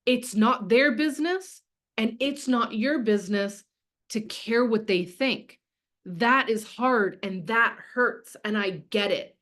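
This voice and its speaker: A woman business coach runs a live online masterclass in a casual, chatty way, swearing freely, leaning heavily on fillers like "like," and reading viewers' comments aloud. She speaks slowly in a fairly high, fairly bright voice.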